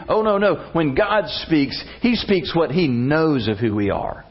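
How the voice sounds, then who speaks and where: A man preaching a sermon in a folksy, animated way, acting out the story as he goes. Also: fairly high pitch, normal speed, hardly any pauses, slightly rough, muffled recording. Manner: folksy, animated, uses voices for characters. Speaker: pastor.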